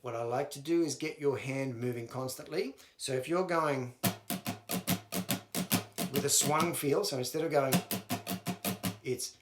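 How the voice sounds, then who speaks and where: A man's voice: mid-range voice, normal speed, pauses often. A man teaching a guitar song step by step, counting and singing the strum rhythms aloud as he plays. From Australia. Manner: counts and sings rhythms aloud while playing. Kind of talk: instructional walkthrough. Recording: roomy sound with loud guitar playing.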